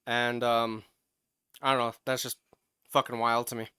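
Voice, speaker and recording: A man co-hosting a podcast, telling a story in casual chat, animated and profane, getting loud as he retells it. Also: mid-range voice, measured pace, clean tone, no echo, clean studio sound. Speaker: podcast co-host.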